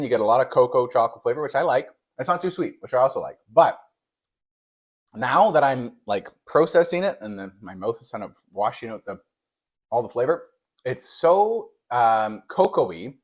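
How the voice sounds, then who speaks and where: A young man gives a casual on-camera taste test. He delivers mock-serious verdicts, hesitating with fillers while his pitch jumps up and down. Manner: playful mock-serious judging, with frequent fillers and lively pitch swings. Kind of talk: casual on-camera food review.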